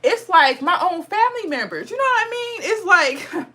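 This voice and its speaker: A woman's voice: very animated, normal speed, bright, forceful tone. A woman vlogger talking about spirituality with a Black dialect. She speaks bluntly, swears a lot, and keeps close to tears. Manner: mocks others in high sarcastic voice. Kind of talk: impassioned casual monologue.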